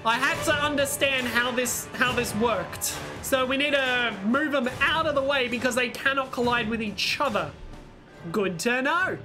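A woman hosting a let's play, thinking aloud as she plays, excitable and swearing freely. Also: sits high, normal speed, over music. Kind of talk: gameplay commentary.

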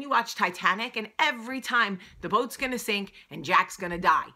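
Emotional woman with a bright, sharp voice. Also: medium pitch, lively intonation, moderate pace, hardly any pauses. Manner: emotional, earnest, emphatic. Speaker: vlog host. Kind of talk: casual heartfelt monologue.

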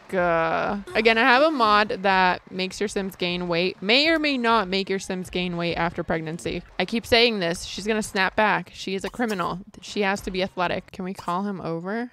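A young woman giving casual, chatty commentary while playing a life-sim game, excitable and quick to shriek and laugh. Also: medium pitch. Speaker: gaming streamer. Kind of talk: casual Let's Play commentary.

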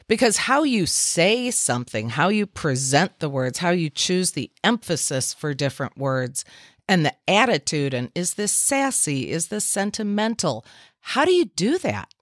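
A woman's voice: on the low side, dry recording, clean studio sound. A woman hosting a podcast interview, asking questions and praising her guests in a casual chat. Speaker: podcast host.

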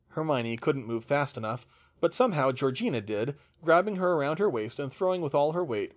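Animated male audiobook narrator. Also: mid-range voice. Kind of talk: storybook narration.

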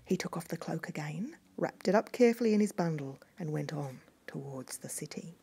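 A woman reading a fairy tale aloud in a hushed voice that often drops to a whisper. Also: low-pitched, lively intonation, fairly quick, creaky, slightly rough. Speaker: storyteller.

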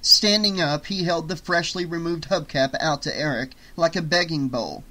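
Male audiobook narrator, slightly high voice. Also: moderate pace, hardly any pauses. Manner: steady storytelling read. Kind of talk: scripted narration.

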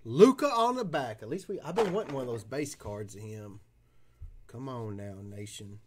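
A man's voice: medium pitch, animated, normal speed, background noise. Profane, boisterous man opening cards live. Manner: profane, boisterous, whoops loudly at big pulls. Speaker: card-breaking livestream host. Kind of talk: casual chat while opening trading cards.

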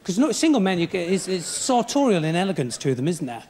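A man with a British accent doing live stand-up comedy in a chatty, cheeky way, with quick mumbled asides. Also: high voice, very animated. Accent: British English. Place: large theatre stage. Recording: live theatre recording, loud audience laughter. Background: audience laughing.

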